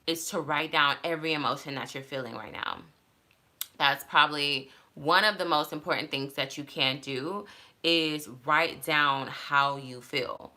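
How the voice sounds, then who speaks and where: Low, bright-voiced woman vlogger. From Texas. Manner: candid, rambling, many fillers. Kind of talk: casual advice talk to camera. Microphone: phone.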